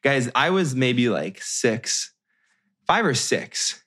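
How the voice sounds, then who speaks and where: A man in his thirties from the United States telling a personal story in a casual, animated way, with many restarts and fillers. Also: medium pitch, slow pace. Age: 30s.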